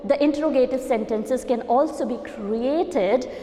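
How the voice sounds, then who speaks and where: A woman's voice: high voice, unhurried, mellow. Indian woman lecturing in an echoey hall. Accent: Indian English. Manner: explanatory, repeats key terms, asks "okay?". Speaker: English lecturer. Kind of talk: grammar lecture.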